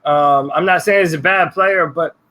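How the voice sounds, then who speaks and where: A man's voice: fairly high pitch, moderate pace, bright, forceful tone, rough recording. A man speaks in a slightly raised voice, giving blunt opinions in an easygoing way. He throws in the odd curse word as he chats about sports. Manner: blunt and laid-back, with mild swearing. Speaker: podcast co-host. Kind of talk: casual sports talk.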